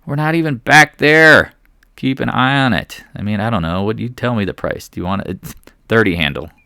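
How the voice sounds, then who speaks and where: A man's voice: fairly low pitch, normal speed, vocal fry, sharp tone, clear, resonant tone, no echo. Male market commentator, sarcastic chart talk, dry close sound. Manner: sarcastic, mutters asides to the charts.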